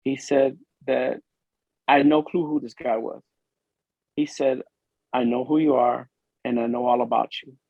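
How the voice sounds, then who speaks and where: A man from Illinois who works as a police officer, giving an earnest, emotional personal testimony in a podcast interview, with halting, restarting speech. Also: medium pitch, steady tone, gravelly, no room sound. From Illinois, USA. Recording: dull lo-fi dry recording.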